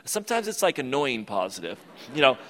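A pastor preaching a conversational, emphatic sermon that repeats its key phrases. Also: male voice, mid-range voice, sing-song, a little fast, a bit bright. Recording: long reverb of a large hall.

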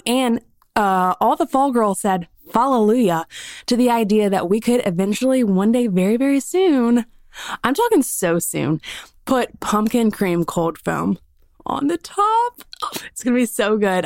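A woman's voice: mid-range voice, lively intonation, normal speed, creaky, a little mellow, no echo. A woman with a Southern US accent hosting her podcast alone, chatting in a bubbly, filler-heavy way into a studio microphone. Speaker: podcast host. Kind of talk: solo casual podcast chat.

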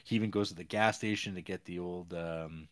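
A man's voice: deep voice, steady tone, brisk. A man hosting a podcast, chatting casually as he retells a movie's plot in a loose, rambling way. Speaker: podcast host. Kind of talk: casual movie-recap chat.

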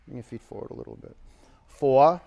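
A man's voice: mid-range voice, brisk, vocal fry, no echo, highs cut off. A man leading a live yoga class, calling poses, counting down holds and encouraging students. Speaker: yoga instructor.

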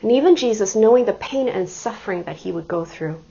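Brief: middle-aged woman preacher, husky, sermon with humorous personal anecdotes, slightly muffled recording. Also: medium pitch, lively intonation, a little fast. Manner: warm storytelling with self-deprecating humor and laughter.

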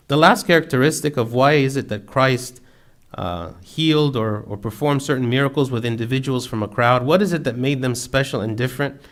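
A man preaching a sermon in an earnest, steady way, building emphasis through repetition. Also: mid-range voice, brisk.

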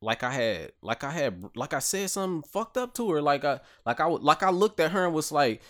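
A man's voice: on the high side, sing-song, fairly quick, hardly any pauses, a bit bright. A young man hosting a podcast, telling stories in profane slang and laughing often. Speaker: podcast host. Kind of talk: casual podcast chat.

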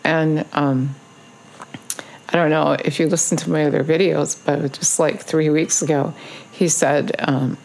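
A woman's voice: low voice, steady tone, unhurried, vocal fry, darkish tone. A woman giving a casual video sermon, urging listeners in earnest, repetitive phrases with frequent ums. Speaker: online preacher.

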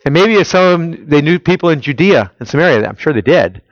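A man preaching a sermon. He keeps asking the listeners rhetorical questions and swings between loud emphasis and quiet, intimate prayer-like tones. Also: on the high side, expressive, fairly quick, dry recording, highs cut off. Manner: asks the audience rhetorical questions. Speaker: pastor.

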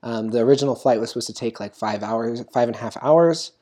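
A young podcast host chats casually, rambling through notes with frequent ums and giggles. The voice is mid-range with a dark tone and a quick pace.

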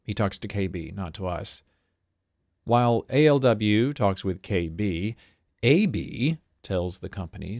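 A man's voice: on the low side, lively intonation, a little slow, darkish tone, dry recording, clean studio sound. A stage performer reading his own journal aloud, in a wry, observant way with little asides.

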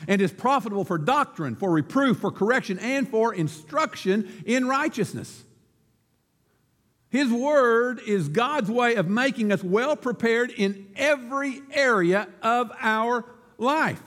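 A man's voice: sits high, in a large hall. A man preaching a sermon as pastor, telling a folksy story and laughing at his own joke.

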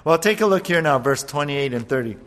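A man preaching a sermon as pastor, animated, acting out voices as he retells a passage. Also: on the high side, brisk. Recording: long hall reverb.

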